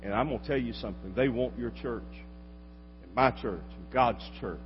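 A man's voice: mid-range voice, normal speed, faint music behind. Man preaching in a reverberant hall. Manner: dramatic swings from loud exhortation to quiet asides. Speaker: pastor. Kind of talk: sermon. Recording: dull lo-fi recording with long hall reverb and faint hum.

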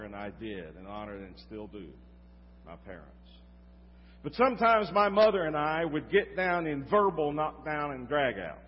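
An older man preaching a sermon, telling a personal story with dramatic swings from loud to hushed. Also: on the high side. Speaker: pastor. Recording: reverberant hall, slightly dull sound.

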